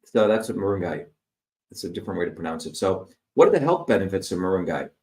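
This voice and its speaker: A man's voice: deep voice, lively intonation, fast, darkish tone, roomy sound. A middle-aged man from India, giving an explanatory lecture over slides and listing terms one by one with fillers. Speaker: presenter.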